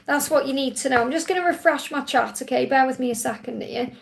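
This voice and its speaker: A woman's voice: high-pitched, quick pace, creaky. A woman hosting a live spiritual reading stream on a tablet, relaying messages in a soothing, reassuring way. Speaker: psychic reader hosting a live Q&A.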